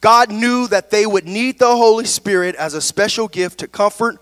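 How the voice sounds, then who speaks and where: A man's voice: high voice, normal speed, hardly any pauses, fairly bright tone, no room sound. A man preaching a sermon as pastor, calling out "amen?" and "right?" to the congregation between points.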